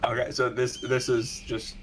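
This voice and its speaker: A man's voice: medium pitch, monotone, normal speed. A young man co-hosting a gaming stream, chatting casually with dry, wry reactions. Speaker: co-host. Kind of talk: casual chat while gaming. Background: game music.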